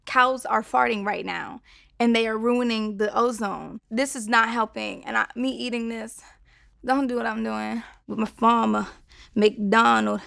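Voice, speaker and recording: A woman's voice: a little high, steady tone, measured pace, creaky, a bit bright, no room sound, clean studio sound. A woman in her twenties, a singer talking casually about her song, loose and slangy with lots of "like" and swearing. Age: 20s. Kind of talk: casual talk to camera.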